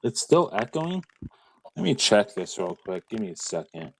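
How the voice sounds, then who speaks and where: A man's voice: fairly low pitch, big pitch swings, normal speed, creaky, poor audio. Earnest man on an earbud mic. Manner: earnest, talks of faith and herbs. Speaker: guest on herbal medicine. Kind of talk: casual chat. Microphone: earbuds with built-in mic.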